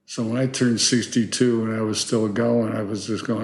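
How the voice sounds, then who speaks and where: Older male guest in his 70s, gravelly voice, chatty rambling storyteller, roomy echo. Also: mid-range voice, moderate pace, few pauses. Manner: rambling, animated storyteller with many "you know"s. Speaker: guest, filmmaker. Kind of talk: storytelling interview.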